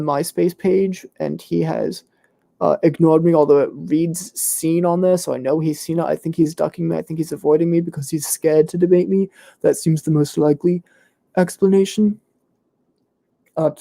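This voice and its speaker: A pompous, know-it-all young male debater, as a man puts him on, with a gravelly voice that sits fairly high. He is hoarse and losing his voice. He is smug and self-assured, and lists fallacies as if he has won already. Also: dark tone. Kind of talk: comedic live Q&A role-play.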